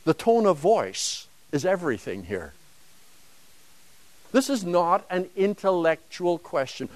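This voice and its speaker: A man's voice: sits high, big pitch swings, a little slow. A man teaching a Bible lesson to a class, emphatic and dramatic, driving home points with rhetorical questions.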